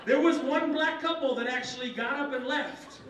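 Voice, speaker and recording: A young adult man from Kuwait doing an animated stand-up comedy set in a conference center banquet hall, slipping into character voices. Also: moderate pace. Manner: animated, jumps into high-pitched character voices. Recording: roomy hall, distant mic, faint noise.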